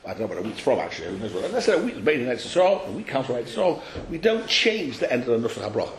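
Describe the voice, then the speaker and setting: A man teaching a study class, explaining a text to his students in an animated, questioning way and calling on them by name. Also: medium pitch, rapid-fire, a crowd in the background. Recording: echoey room.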